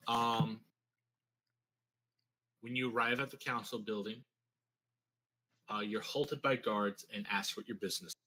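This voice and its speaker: Husky-voiced man narrating as game master. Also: lowish voice, measured pace, pauses often, low-quality recording. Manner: relaxed, filler-heavy narration.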